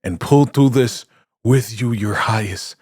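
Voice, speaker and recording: A man voicing a fawning, scheming woman cult leader in a sugary falsetto. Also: measured pace, a little mellow, slightly rough, no echo, clean studio sound.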